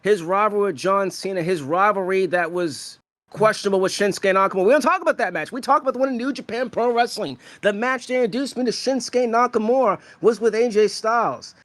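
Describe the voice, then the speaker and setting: Young guy on a podcast, kinda high voice, hyped and rambly, dry room. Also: fast, no echo. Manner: excited fan gushing, rambling with fillers. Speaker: podcast co-host. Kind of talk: casual podcast chat.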